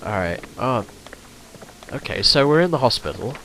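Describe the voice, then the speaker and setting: A let's play host with a mid-range voice talks at normal speed while gaming, offering casual, rambling commentary laced with lively cursing. Game music and slight background noise can be heard.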